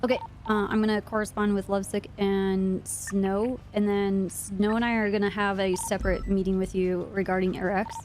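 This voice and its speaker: A woman streamer role-playing a police officer in casual chat. She laughs often and sometimes slips into a flat, sing-song robotic tone. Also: medium pitch, moderate pace, few pauses, a little hiss or hum. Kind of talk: in-character role-play chat.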